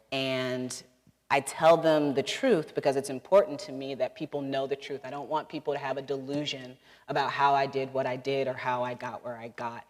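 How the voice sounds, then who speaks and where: A woman's voice: rumbling low, fairly even intonation, a little fast. Earnest woman author in a reverberant hall. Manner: earnest, laughs often. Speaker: visiting author answering audience questions. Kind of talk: live talk and Q&A. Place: large hall before a masked audience.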